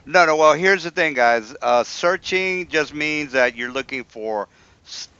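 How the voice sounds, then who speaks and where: A man running a tabletop game as dungeon master, rambling and filling pauses with "uh". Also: a little high, animated, bright, forceful tone, smooth, dry recording. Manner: rambling, lots of fillers. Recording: dull, lo-fi sound.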